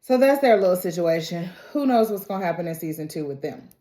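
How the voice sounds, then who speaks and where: A woman's voice: lowish voice, lively intonation, fast, dark tone. A young woman, chatting casually about a TV episode. She often acts out what the characters said. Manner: chatty, acts out quotes, says y'all. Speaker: TV review vlogger. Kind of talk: casual recap chat. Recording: echoey room.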